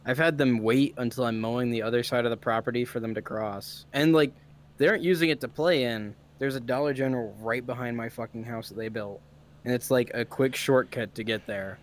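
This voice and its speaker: A man's voice: medium pitch, brisk. A man in casual podcast chat, telling stories in a laid-back, profane way. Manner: profane, laid-back storytelling with frequent swearing.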